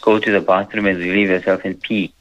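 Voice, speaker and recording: A man giving earnest religious advice in conversation, speaking slowly and reciting Arabic verses. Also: deep voice, level tone, fairly bright tone, muffled recording. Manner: slow, earnest, preacherly, quotes Arabic verses. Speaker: Islamic teacher.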